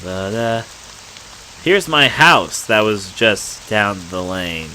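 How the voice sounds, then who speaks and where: A man giving casual let's-play commentary on a horror game. He makes joking, self-mocking asides in a bright voice. His pitch moves a lot, but he talks slowly. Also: animated, slight background noise, poor audio.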